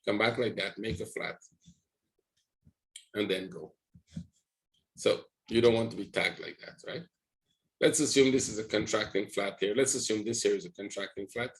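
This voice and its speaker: Guy with a lowish voice going over trade charts, kinda rambling, keeps asking "right?". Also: moderate pace, long pauses, poor audio. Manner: rambling, talks to viewers with frequent "right?". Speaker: trading educator. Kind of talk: live chart walkthrough.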